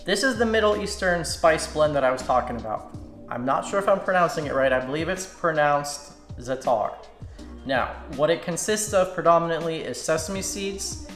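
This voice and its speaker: A man from Slovakia hosting a cooking channel, talking viewers through a recipe step by step in a relaxed, casual way in a home kitchen. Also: on the high side. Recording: echoey kitchen with music bed. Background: background music, clinking dishes.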